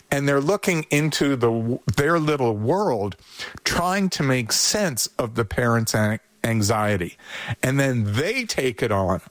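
A man's voice: mid-range voice, no room sound. A man giving parenting advice in an easygoing conversational way, now and then acting out worried parents and children. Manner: animated, acts out parents and kids in quick voices. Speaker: parenting expert guest.

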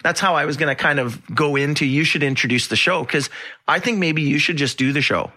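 Bright-voiced man explaining back pain. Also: on the high side, brisk. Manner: explains with homely comparisons, animated. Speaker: podcast host and health practitioner. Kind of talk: casual explanatory chat.

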